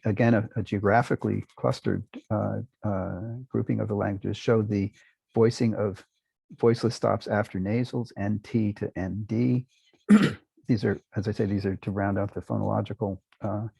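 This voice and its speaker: An older man lecturing on linguistics to a university class, pausing often with many fillers and restarts and now and then clearing his throat. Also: fairly low pitch, dark tone, dry recording, dull audio. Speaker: linguistics professor.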